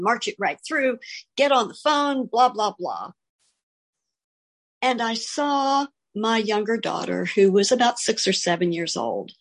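Give me a middle-aged woman host with a mid-range voice. She tells stories warmly in a hosted conversation and brings the people she quotes to life. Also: medium pitch.

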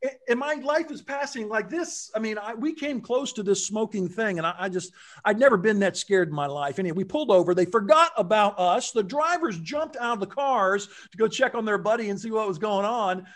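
Animated high-voiced man telling a story. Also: a little fast. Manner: animated, acts out quotes with big pitch jumps. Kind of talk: casual storytelling.

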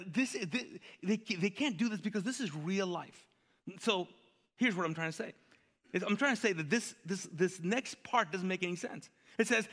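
A man's voice: high voice, bright, forceful tone. A male pastor preaching a sermon in a conversational way, throwing rhetorical questions at the congregation and asking them to answer back. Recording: long hall reverb.

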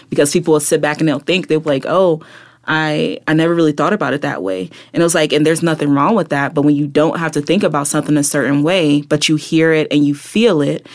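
Reflective woman poet, full of "right?". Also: sits low. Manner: reflective, many fillers like "like" and "right?". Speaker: guest, poet and activist. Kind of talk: conversational interview.

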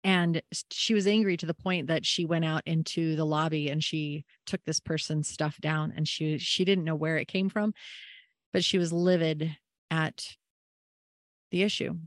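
A woman's voice: deep voice, fairly even intonation, moderate pace, no echo, studio quality. A woman hosting a caregiving podcast, telling a personal story in an earnest, emotional, reflective way. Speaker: podcast host and family caregiver.

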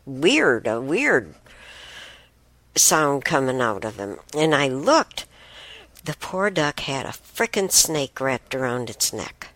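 Middle-aged woman, low voice, slow and rambling casual storyteller, dry close sound. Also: a bit bright, no echo. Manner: unhurried, rambling with fillers and restarts. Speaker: host.

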